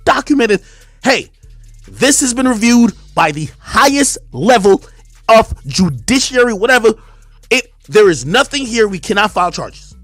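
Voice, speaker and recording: A man delivers a heated, defiant rant, hammering his points over and over. His voice sits high and swings widely, and the recording is close and dry with faint music beneath. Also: very animated, measured pace, a bit bright, dry recording. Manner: defiant, repetitive, emphatic. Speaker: streamer commentator.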